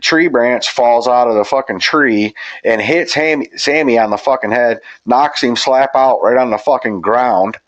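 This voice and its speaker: A man's voice: mid-range voice, a little slow. A man hosting a podcast, telling a hunting-dog story in casual, profane, rambling chat. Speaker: podcast host. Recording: dull lo-fi audio.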